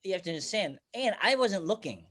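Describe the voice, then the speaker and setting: A man's voice: high voice, big pitch swings, fairly quick, fairly bright tone. A man from Pennsylvania, a comedian guest telling profane stories in casual podcast chat and acting out quotes. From Bethlehem, Pennsylvania, USA. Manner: profane, storytelling, acts out quotes.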